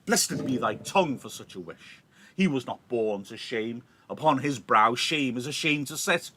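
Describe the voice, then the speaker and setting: A male teacher reading the lines of a passionate, grief-torn young woman, declaiming verse with loud drama. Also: mid-range voice, animated, normal speed. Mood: defiant. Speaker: teacher reading a play aloud.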